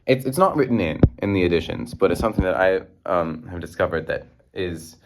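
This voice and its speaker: A man's voice: low-pitched, animated, brisk. A young man, a music student, giving a class presentation on a song, hesitant and full of ums and restarts, recorded on a phone. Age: young adult.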